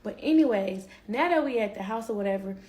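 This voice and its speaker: A woman's voice: medium pitch, lively intonation, brisk, a little mellow. Chatty woman telling her story. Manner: chatty, addresses listeners as y'all, quotes others. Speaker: guest telling a personal story. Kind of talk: casual storytelling to a stream audience.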